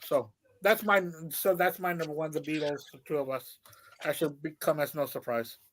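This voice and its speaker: A man's voice: on the high side, moderate pace, fairly bright tone. A man co-hosting a podcast in casual chat, thoughtful and a little hesitant. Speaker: podcast co-host.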